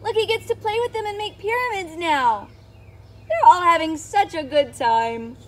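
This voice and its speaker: A woman who is a children's storyteller, reading a picture book aloud to young children in an animated teacher's voice that keeps asking them questions. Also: very high voice, moderate pace. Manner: animated, sing-song teacher talk with questions to the kids.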